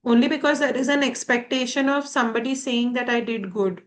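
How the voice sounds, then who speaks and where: A woman's voice: on the high side, fairly even intonation, brisk. Thoughtful woman hosting. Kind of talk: reflective discussion.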